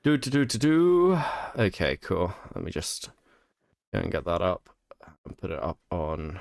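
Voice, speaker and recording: A man's voice: sits low, very animated, a little slow, creaky, darkish tone, no echo, studio quality. A tired man hosting a stream, swearing freely and laughing as he reacts to a clip. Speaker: stream host. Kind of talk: casual reaction commentary.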